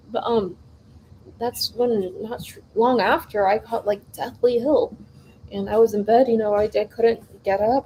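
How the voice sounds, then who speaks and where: A woman's voice: a little high, noisy background. A young woman vlogger in a home kitchen, telling a long casual story while baking, rambling with lots of fillers and restarts.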